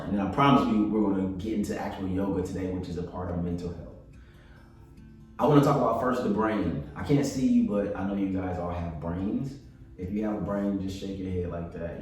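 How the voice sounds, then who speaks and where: An encouraging man leads a casual online class for students, speaking in a low, mellow voice and repeating his phrases with upbeat energy. He sounds set back from the mic in a roomy, echoey space, with faint music playing behind him. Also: recorded from a distance. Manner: repetitive, upbeat, encouraging, talks to the class directly. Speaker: yoga and mental health instructor. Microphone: video call.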